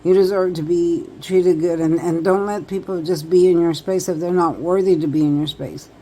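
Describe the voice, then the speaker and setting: A woman's voice: fairly low pitch, fairly even intonation, normal speed, dark tone, slight background noise, low-quality recording. A woman tarot reader talking directly to viewers in a casual, emphatic, repetitive way. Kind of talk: casual advice monologue to viewers.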